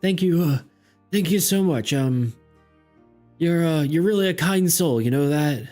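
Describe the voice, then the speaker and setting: A kindly old farmer , put on by a man, stammers through his folksy thanks in a voice pitched well above the man's own. His speech is full of halting ums and uhs. Faint music plays behind him. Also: mellow, close to an everyday voice. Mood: warm, grateful. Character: kindly, grateful older male farmer.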